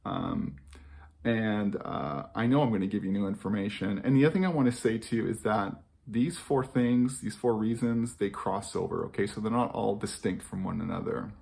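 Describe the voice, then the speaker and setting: A man's voice: lowish voice, normal speed, vocal fry, darkish tone. A man talking earnestly to camera about parenting, repeating key phrases for emphasis. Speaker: parenting educator. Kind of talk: reflective talk to camera.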